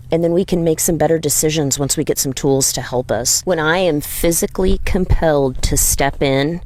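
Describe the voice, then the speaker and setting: Woman vlogger with a low voice, earnest and emphatic personal storytelling to camera. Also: gravelly. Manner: earnest, emphatic, acts out gentle high-pitched pleas. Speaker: dog trainer and video creator.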